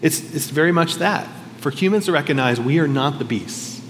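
A man's voice: a little high, lively intonation, moderate pace, a bit bright, slight background noise. Conversational male pastor in a reverberant hall. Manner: conversational, reflective, self-questioning. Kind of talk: sermon.

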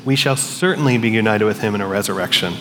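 A man's voice: fairly low pitch, fast. Man preaching a sermon in a reverberant hall. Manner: conversational, storytelling with restarts. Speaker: pastor. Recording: long hall reverb, faint noise.

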